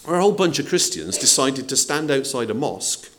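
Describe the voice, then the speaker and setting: A pastor delivers a sermon to his congregation, his pitch climbing and dipping with animation in a sing-song, fairly quick, slightly bright voice. His style is conversational, full of rhetorical questions and acted-out quotes, with a little background noise.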